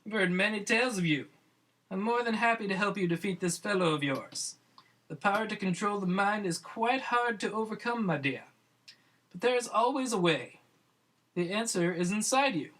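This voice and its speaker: A man voicing a kindly, mysterious old female witch doctor with a Jamaican accent, speaking slowly and soothingly. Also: high voice, lively intonation, fairly bright tone, voice pushed up.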